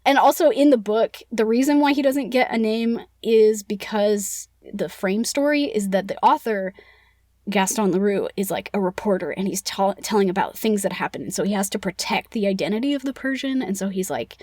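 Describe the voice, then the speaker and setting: A woman's voice: mid-range voice, expressive, a little fast, darkish tone, no room sound, studio quality. A young woman co-hosting a podcast, casually recapping a book in a chatty way, filling with "like". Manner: chatty, heavy use of "like". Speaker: podcast co-host.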